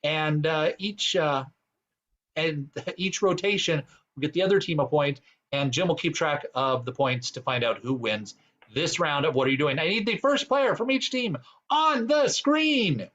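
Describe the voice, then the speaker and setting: A man's voice: fairly high pitch, expressive, a little slow, a bit bright, highs cut off. A man hosting an online improv comedy game, explaining rules with plenty of fillers. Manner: rambling, many fillers. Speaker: improv show host.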